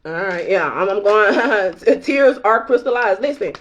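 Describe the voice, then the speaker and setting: A woman's voice: medium pitch, expressive, unhurried, a little hiss or hum. A woman tarot reader in a casual vlog, talking bluntly and emphatically, swearing freely and laughing often.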